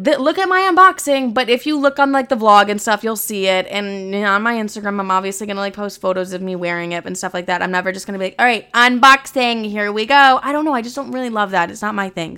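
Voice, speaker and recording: A woman's voice: medium pitch, fairly bright tone. A woman in her twenties hosting a podcast, talking candidly in a rambling, profane style with lots of fillers. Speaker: podcast host. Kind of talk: casual chat.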